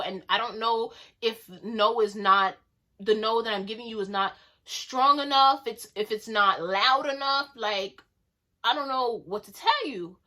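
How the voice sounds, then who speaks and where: Young woman telling a story, kinda high voice, laughs a lot and gets all slangy. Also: measured pace. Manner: animated and slangy, bursts into laughter. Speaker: vlogger. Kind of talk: casual storytime.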